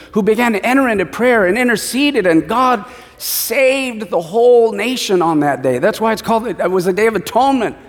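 A male pastor delivering a sermon with a slightly high, very lively voice that swoops up and down as he acts out the people in his stories. The sound carries a long reverb, like a big sanctuary. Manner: animated storytelling preacher, acting out quotes.

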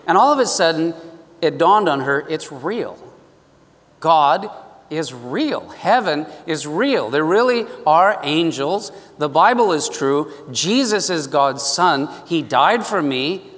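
A man's voice: a little high, animated, unhurried, a bit bright, in a large hall. A man preaching a sermon, telling a story earnestly and with emphatic repetitions.

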